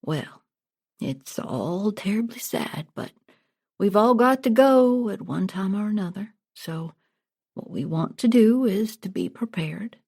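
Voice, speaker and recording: A woman putting on a slow, oily old con-man king. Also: medium pitch, animated, a little mellow, full character voice. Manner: slow, smooth, falsely pious talk. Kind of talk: storybook reading.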